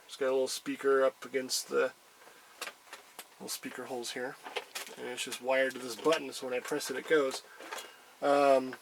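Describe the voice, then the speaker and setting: A man's voice: mid-range voice, fairly bright tone, slight background noise, poor audio. A man casually showing a collectible item, rambling with many hesitations. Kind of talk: casual chat.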